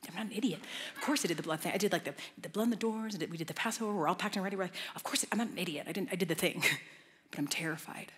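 A woman voicing a nervous, terrified father who stammers and rambles in a hushed voice. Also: on the low side, very fast, breathy edge. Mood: anxious. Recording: long church hall reverb.

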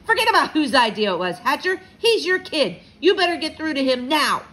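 A blustering, impatient businessman acted out by a woman reading a children's book who raises his voice and barks orders. He is loud and pushy throughout. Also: sits high, big pitch swings, a little fast, pitched above the performer's own voice. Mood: angry. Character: impatient male toy-company client, hollering.

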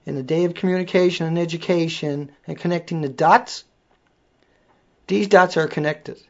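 A man with an accent hosts a casual livestream, ranting bluntly and swearing freely. His slightly high voice keeps fairly even intonation at a moderate pace, and the audio is dull and lo-fi.

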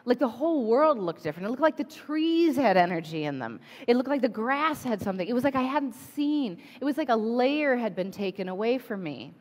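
A woman pastor in her forties giving a conversational sermon, telling a personal story with lively asides. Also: a little high, brisk, few pauses. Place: church sanctuary. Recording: long reverb of a church hall.

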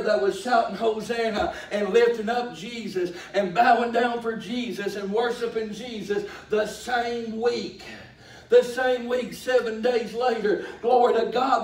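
A middle-aged man preaching a sermon in a folksy way, rising to drawn-out shouts. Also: high-pitched, steady tone. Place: church sanctuary. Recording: echoey church from far off.

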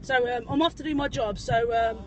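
A woman plays a cheerful male taxi driver with a ginger beard and a shaky put-on South African accent, rambling to viewers on a phone from his parked car. The voice sits high and keeps repeating its greetings in a giggly, improvised comic tone. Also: brisk, lo-fi sound, natural voice. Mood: cheery. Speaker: parody livestreamer. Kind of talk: improvised comic livestream parody. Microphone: phone livestream at arm's length.

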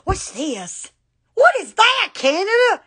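Giddy high-voiced woman live-streaming. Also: slow. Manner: giddy and excitable, laughing and squealing often. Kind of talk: casual live-stream chat.

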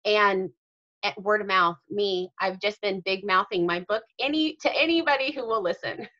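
Earnest woman author as interview guest, bright tone, dull lo-fi sound. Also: mid-range voice, normal speed. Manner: earnest, detailed explaining. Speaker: author and mother. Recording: dull lo-fi audio.

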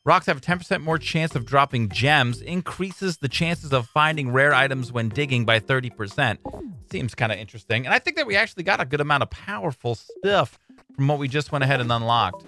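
Excitable male gamer, lively bright voice, let's-play chatter over faint game music. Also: mid-range voice, brisk. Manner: excitable, swings between mumbling and loud outbursts, says "dude" a lot. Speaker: gaming YouTuber. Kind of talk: casual let's-play commentary.

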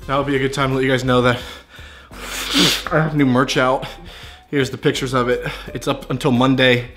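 A man's voice: medium pitch, little pitch movement, a little fast, fairly bright tone, soft background music. A young man hosting a casual vlog, talking to camera in a joking, rambling, offhand way. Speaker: YouTuber host.

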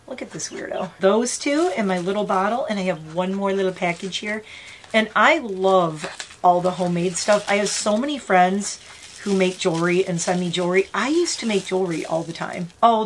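A woman's voice: mid-range voice, a little hiss or hum. A woman in her fifties chatting casually as she unboxes gifts on her vlog, gushing and talking to her pet bird. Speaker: vlogger.

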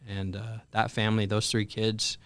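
Young man, low voice, swears freely, hesitant fillers, dry close sound. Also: completely flat delivery, fairly bright tone, no echo. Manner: candid, profane, halting with many fillers. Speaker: guest, Marine veteran. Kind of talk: conversational storytelling interview.

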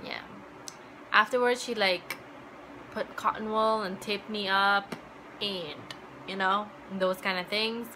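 Bright-voiced young woman, chatty vlog storytelling. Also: medium pitch, fairly even intonation, slow pace, pauses often, a little hiss or hum, poor audio. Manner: chatty, full of "like" fillers, acts out remembered dialogue. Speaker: vlogger. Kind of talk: casual personal storytelling.

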